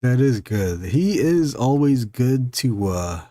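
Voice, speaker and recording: A man's voice: medium pitch, big pitch swings, takes it slowly, warm tone, no echo, studio quality. A man hosting a live stream, chatting casually and rambling, with frequent fillers and laughs. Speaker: live stream host and illustrator.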